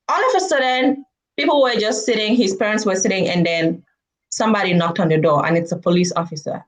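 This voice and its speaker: A woman's voice: mid-range voice, rough recording. A woman vlogger telling a story and giving her views to camera, acting out the people in it. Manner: animated, acts out quoted people.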